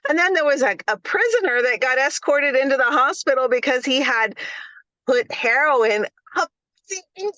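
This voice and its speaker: A woman nurse, a guest on a podcast, telling animated stories with laughs. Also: high-pitched, normal speed, no room sound, muffled recording. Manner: animated storyteller, laughs, fillers. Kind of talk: podcast interview.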